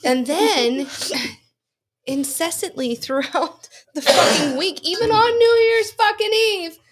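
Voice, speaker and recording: A woman's voice: extremely high pitch, slight background noise. A woman co-hosting a casual podcast chat, with blunt, profane complaining. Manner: profane, dry, slow-spoken complaints. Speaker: podcast co-host.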